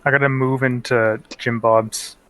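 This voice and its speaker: Slow, hesitant male player. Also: medium pitch, flat delivery, a bit bright, no echo. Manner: slow, hesitant, bashful laughs. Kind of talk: casual tabletop play.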